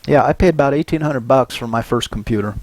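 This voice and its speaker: In this dry recording of a university psychology lecture, an older Southern Californian man talks quickly in a medium pitch. He peppers the class with "right?" while recounting lively stories from his own life.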